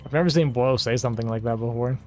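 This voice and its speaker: A man's voice: medium pitch, darkish tone. Rambling man chatting on a livestream. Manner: rambling and talkative, reading chat aloud. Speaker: livestream host. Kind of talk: casual chat to a stream audience.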